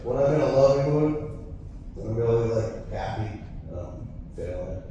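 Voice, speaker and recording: A man's voice: medium pitch, expressive, moderate pace, lo-fi sound. A man from Massachusetts in his thirties doing a crude, rambling stand-up set, laughing at his own jokes. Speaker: stand-up comedian. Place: comedy venue with audience. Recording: echoey hall, far mic, faint noise.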